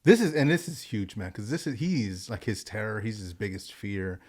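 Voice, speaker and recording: A man with a lowish voice talks through a movie on a podcast. His retelling is animated and loose, full of slang and "like." It sounds like casual chat between friends. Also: moderate pace. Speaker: podcast co-host.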